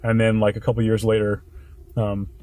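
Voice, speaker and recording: A man's voice: fairly low pitch, monotone, dark tone. A young man hosting a podcast, chatting casually and joking in a parked car. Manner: quick, joking, teasing. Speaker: podcast host. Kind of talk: casual chat.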